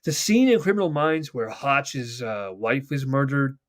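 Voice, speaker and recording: A young man hosts a casual podcast chat, rambling and cursing as he retells TV scenes at length. His mid-range voice is sing-song and measured in pace.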